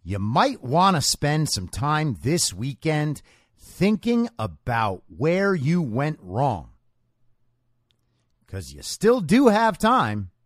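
A man's voice: fairly high pitch, huge pitch swings, takes it slowly, dry recording, studio quality. A man hosting a political talk show, delivering a sarcastic, mocking, lecturing monologue. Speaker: host.

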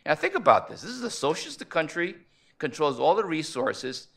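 A man speaking at a conference panel, measured and analytical, posing rhetorical questions as he lays out his argument. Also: a little high, sing-song, fairly bright tone. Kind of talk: conference presentation.

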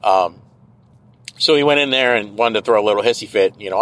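A man's voice: on the low side, brisk, fairly bright tone, poor audio. A middle-aged man hosting a podcast, ranting in a casual, sarcastic and profane monologue from his car. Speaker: podcast host. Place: car, driving.

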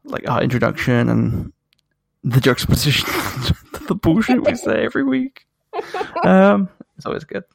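Gravelly podcast co-host, dry mic. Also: mid-range voice, moderate pace, dry recording. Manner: playful, deadpan jokes. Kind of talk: casual chat.

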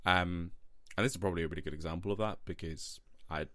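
A man's voice: sits low, fairly even intonation, fast talker, fairly bright tone, no echo, clean studio sound. A man hosting a podcast, chatting casually and hesitantly with many ums and restarts. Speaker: podcast host.

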